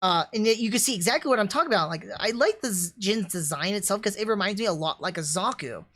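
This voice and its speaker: Young woman streamer, casual excited review chatter, mid-pitched, lots of fillers. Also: fast talker.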